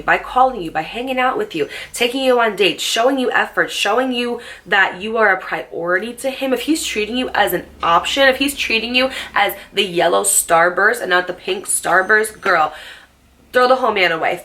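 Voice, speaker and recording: A woman in her late twenties telling a storytime vlog to camera, animated and sassy, swearing freely. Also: mid-range voice. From New Jersey. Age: late 20s. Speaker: storytime vlogger.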